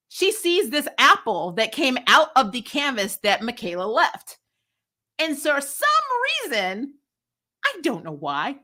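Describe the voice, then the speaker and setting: A woman's voice: fairly high pitch, bright, forceful tone. A woman casually reviewing a TV episode, frank and chatty, laughing often and swearing freely. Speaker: TV review vlogger. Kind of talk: casual spoiler review chat.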